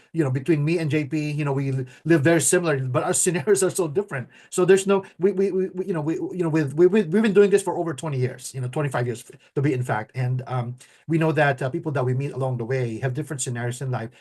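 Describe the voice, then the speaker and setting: A middle-aged man co-hosting a casual talk, excited and stammering often as he restarts his sentences. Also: a little high. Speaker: co-host.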